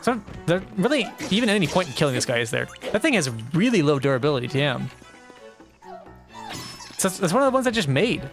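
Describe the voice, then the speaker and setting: A man's voice: fairly high pitch, big pitch swings, brisk, soft background music. A young man streaming a video game, talking to chat and getting frustrated, swearing and exclaiming at the game. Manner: talks back to chat. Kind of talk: live gameplay commentary.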